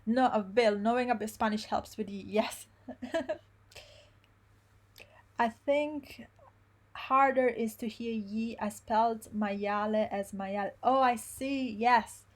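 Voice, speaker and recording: A woman's voice: a little high, fairly even intonation. Woman teaching pronunciation. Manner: slow, careful modeling of each syllable in pronunciation drills. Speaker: Italian language teacher. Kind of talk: live online language lesson.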